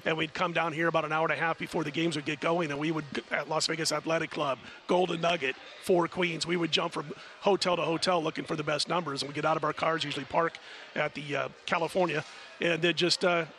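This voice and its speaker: Casting: middle-aged male betting analyst, bright and crisp tone, chatty storyteller. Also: a little high, fast talker. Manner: rambling storyteller, chatty and animated. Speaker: sports betting handicapper guest. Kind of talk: casual radio chat.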